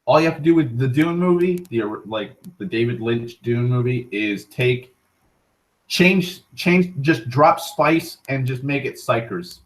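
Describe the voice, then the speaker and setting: A young man hosting an online talk show, rambling casually with frequent profanity, restarts and excited tangents. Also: medium pitch, a little slow, rough recording. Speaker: internet talk show host.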